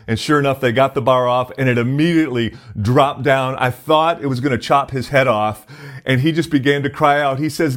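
A man's voice: mid-range voice, moderate pace, fairly bright tone. A man preaching a casual sermon as a pastor, talking conversationally with many fillers and restarts.

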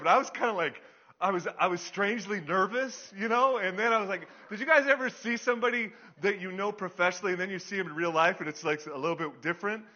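A man's voice: high voice, pushed and bright. Chatty middle-aged male pastor. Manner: chatty, self-deprecating, many fillers. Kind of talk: storytelling sermon. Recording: dull lo-fi sound.

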